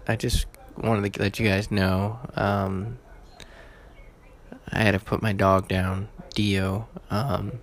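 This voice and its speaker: A man hosting his own podcast, casual and halting, with many fillers and restarts, emotional and holding back tears. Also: on the low side, a bit bright. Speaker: podcast host.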